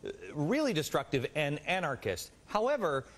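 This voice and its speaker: American man, TV host, fairly high voice, very lively pitch, jokey. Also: moderate pace. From United States. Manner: joking, rambling, expressive. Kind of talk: TV interview.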